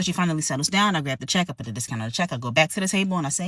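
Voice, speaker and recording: Sarcastic restaurant manager lady ranting through a work story, talks super fast, dry close sound. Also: low voice, lively intonation, fairly bright tone, dry recording, recorded from a distance. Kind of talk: storytime rant.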